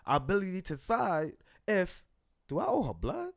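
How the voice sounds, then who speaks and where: Therapist guest: a slightly high male voice, animated, slips into his clients' voices. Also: normal speed, creaky. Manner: animated, acts out clients' voices, calls listeners brother. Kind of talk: podcast conversation.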